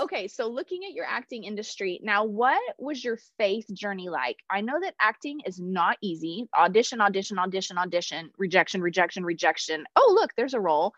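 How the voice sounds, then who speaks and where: A Texan woman hosts a faith podcast in a chatty, affirming way, winding through long questions before landing them. Her voice sits in a middle pitch. The recording is dull and lo-fi, with a dry, close sound. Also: lively intonation, normal speed, a bit bright, no echo. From Texas. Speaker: podcast host. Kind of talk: casual faith interview.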